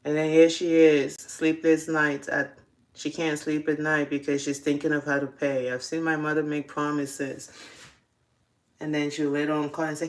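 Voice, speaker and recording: Give me a deep-voiced young woman telling funny confessions and laughing a lot. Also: normal speed. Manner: laughs often, confessional and animated. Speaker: host. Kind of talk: casual storytelling.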